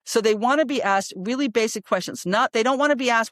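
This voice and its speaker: A woman in her sixties, a psychologist guest in an interview, telling stories in an animated, emphatic way and often checking in with "right?". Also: fairly high pitch, quick pace, few pauses, dry recording, studio quality. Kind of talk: storytelling in a conversational interview.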